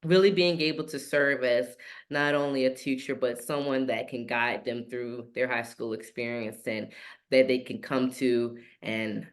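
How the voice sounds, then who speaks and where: Brief: young adult woman, teacher guest, relaxed and casual, frequent laughter. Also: rumbling low, a little slow. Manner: relaxed, laughs often, easygoing. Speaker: guest, high school teacher. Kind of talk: casual podcast interview.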